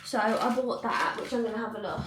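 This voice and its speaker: A woman's voice: fairly high pitch, fairly quick, reverberant, recorded from a distance, heavy background noise. A young woman vlogging in casual chat at home, rambling, with lots of likes and ums. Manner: chatty, rambling, many fillers. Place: cluttered home room.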